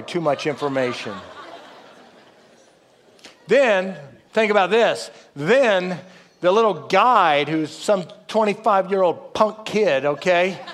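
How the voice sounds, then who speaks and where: Folksy pastor in a reverberant hall. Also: male voice, a little hiss or hum. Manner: folksy and humorous, drops to low quiet voice for quoted asides. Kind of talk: sermon with storytelling.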